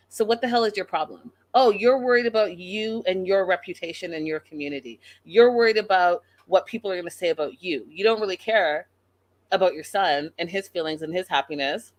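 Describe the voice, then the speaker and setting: A woman hosting a casual live recap show, chatting and reading viewer comments with exasperation. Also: mid-range voice. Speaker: podcast host recapping a reality show.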